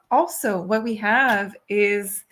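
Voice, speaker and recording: A woman's voice: mid-range voice, very slow, a bit bright. Woman, losing her voice, tarot reader, earnest advice, casual chat. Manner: earnest advice, self-correcting.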